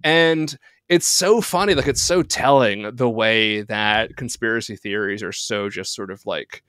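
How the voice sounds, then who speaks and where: A man co-hosting a podcast in casual chat, laughing often, swearing and riffing in quick asides. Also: lowish voice, a bit bright, clean tone, dry recording, studio quality. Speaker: podcast co-host.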